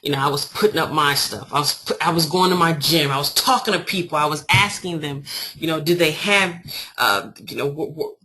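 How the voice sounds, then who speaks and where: A woman giving an informal marketing training talk, telling her story in an animated, emphatic way. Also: low-pitched, fairly quick. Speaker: online marketing coach.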